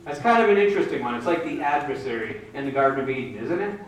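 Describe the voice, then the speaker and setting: A man's voice: mid-range voice, big pitch swings, fast. A man preaching a sermon, retelling a Bible story and acting out the characters' voices. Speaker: pastor. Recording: very echoey hall, mic at a distance.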